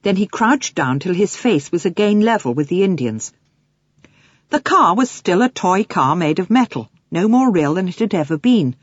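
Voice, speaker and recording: A woman narrating an audiobook for children in an expressive storytelling manner. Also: on the low side, moderate pace, breathy edge, no room sound, muffled recording. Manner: expressive storytelling with lively swings.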